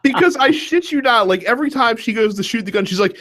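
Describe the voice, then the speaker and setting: A man co-hosting a casual film podcast, talking in an animated rush of fillers and restarts. His pitch swings widely and he keeps breaking into laughter. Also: fairly quick. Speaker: podcast co-host. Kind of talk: casual movie discussion.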